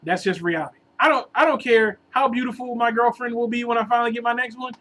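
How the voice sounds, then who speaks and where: High, bright-voiced man ranting. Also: fast, poor audio. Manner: rambling, animated, bursts into exasperated outbursts. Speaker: vlogger giving relationship advice. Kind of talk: casual storytelling monologue.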